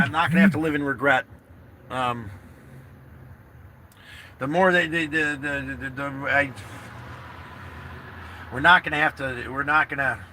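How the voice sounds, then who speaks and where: Man, casual livestream chat, very bright tone, slightly high voice, rambling and earnest, swears, faint hum behind. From New York State. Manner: rambling, earnest, repeats himself, swears freely. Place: parked car.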